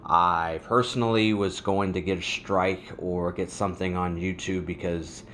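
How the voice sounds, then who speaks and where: A man's voice: deep voice, fairly even intonation, a little slow, a bit bright, slight background noise. Man, vlog host, angry, fired up, ranting religious commentary.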